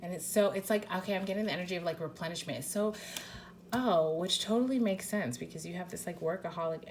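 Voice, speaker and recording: A woman's voice: lowish voice, fast talker, a little hiss or hum. A woman giving a casual pick-a-card tarot reading, chatty and rambling, with lots of fillers, restarts and casual swearing.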